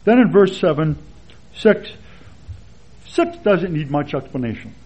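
A man giving a conversational expository sermon as a Bible teacher, relaxed and chatty, with anecdotes and chuckles along the way. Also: a little high, measured pace, husky. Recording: dull lo-fi sermon recording.

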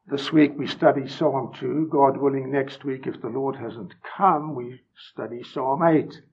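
Slow, husky preacher man, dull recording. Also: medium pitch, steady tone. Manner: solemn, emphatic, swings from loud to hushed. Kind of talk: sermon.

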